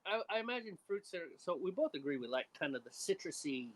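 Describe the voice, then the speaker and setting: A woman co-hosting a homebrew show, chatting casually on a live stream, animated and teasing with frequent laughs. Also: on the low side, fast talker.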